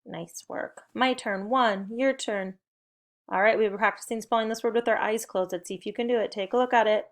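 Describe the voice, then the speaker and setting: A woman's voice: medium pitch, steady tone, a little fast. A young adult woman, leading a recorded spelling and phonics lesson for young children with cheerful, encouraging call-and-response prompts. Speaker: teacher.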